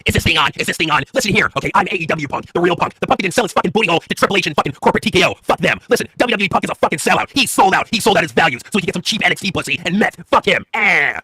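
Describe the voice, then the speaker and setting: A profane, paranoid male wrestler rants fast in a high, tense voice, as a man puts him on, with a husky edge. The sound is dry and close to the mic. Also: animated, bright, forceful tone, dry recording, exaggerated voice. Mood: ranting. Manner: profane ranting with grunted "eh" tags. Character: foul-mouthed ranting male wrestler, boastful and paranoid.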